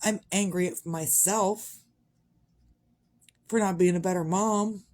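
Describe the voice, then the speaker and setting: A woman's voice: medium pitch, fairly even intonation, slow, a little mellow. A middle-aged woman, talking frankly in a rambling, casual monologue and swearing freely. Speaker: vlogger.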